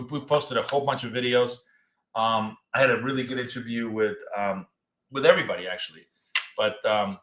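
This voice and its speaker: A man's voice: mid-range voice, sharp tone. Blunt, joking man in an echoey room. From Russia. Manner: blunt, joking, swears freely. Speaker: trading show co-host. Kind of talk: casual live trading chat.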